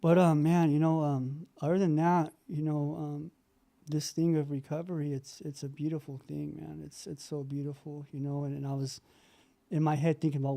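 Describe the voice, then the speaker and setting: A middle-aged man speaks in a heartfelt, rambling way, full of fillers and restarts. His voice is mellow and sits a little high for a man. He is on a video call. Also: level tone, moderate pace, gravelly. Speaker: meeting participant sharing.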